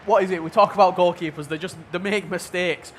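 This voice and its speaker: A man giving play-by-play commentary on a football video game match, measured and level-headed in his analysis. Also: sits high, fairly even intonation, fairly bright tone, a little hiss or hum. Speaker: esports commentator.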